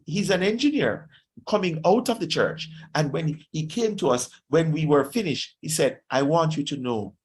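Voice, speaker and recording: Man, Jamaican accent, pastor, sermon, exhorting, somewhat high pitch, Patois phrases. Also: big pitch swings, normal speed, slight background noise.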